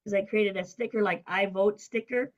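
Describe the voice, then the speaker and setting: Lively middle-aged woman telling a story. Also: medium pitch, normal speed, dull audio. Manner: lively storyteller who acts out quoted voices. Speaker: guest, business coach. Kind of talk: casual storytelling interview.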